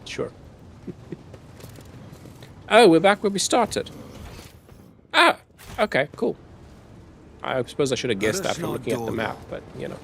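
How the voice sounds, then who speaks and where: Gravelly man streaming a game. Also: on the high side, unhurried, long pauses, slight background noise. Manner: relaxed, easily excited, talking to himself. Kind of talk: casual gameplay commentary.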